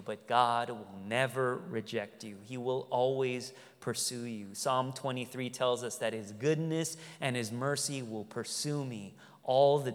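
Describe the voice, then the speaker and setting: Guy preaching a sermon, smooth clear voice, big hall ringing behind him, goes loud then real soft. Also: mid-range voice. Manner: earnest, swings from loud emphasis to hushed tenderness. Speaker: pastor. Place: large hall with a congregation. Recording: long hall reverb.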